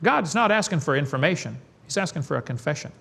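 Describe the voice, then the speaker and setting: A man's voice: on the high side, big pitch swings, fast, creaky, a bit bright. A man giving a preaching lecture to an audience in a folksy, emphatic way, firing off rhetorical questions and chuckling. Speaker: creationist seminar speaker.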